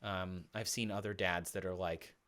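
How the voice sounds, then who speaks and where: A man's voice: low voice, steady tone, moderate pace, fairly bright tone. An American man in his thirties chatting casually as a podcast guest, talkative and full of restarts. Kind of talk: casual conversation.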